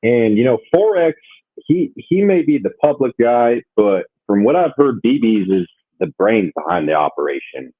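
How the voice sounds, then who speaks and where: A man's voice: medium pitch, big pitch swings, moderate pace, husky. A man with a Southern American accent, talking emphatically and indignantly in a casual group voice chat. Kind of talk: casual heated discussion. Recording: phone-like narrow line.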